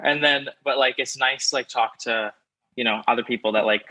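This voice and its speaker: Quick, rambling young man caller. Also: mid-range voice, steady tone, bright, forceful tone, no room sound, poor audio. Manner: rambling, full of fillers like "like". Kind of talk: casual phone-in chat.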